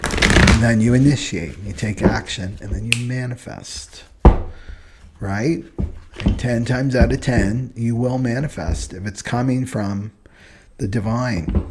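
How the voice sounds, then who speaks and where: A man's voice: mid-range voice, slow pace, heavy background noise. A man giving a casual, rambling spoken lesson on personality types, earnest and often checking in with "right?". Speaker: astrology and human design teacher. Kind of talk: casual spoken teaching monologue.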